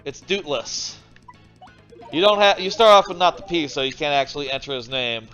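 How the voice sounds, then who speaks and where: A man's voice: a little high, lively intonation, normal speed, fairly bright tone, highs cut off, faint music behind. A man casually commentating a video game stream from his home desk, rambling and thinking aloud, swearing now and then. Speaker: streamer playing video games. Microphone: desk microphone.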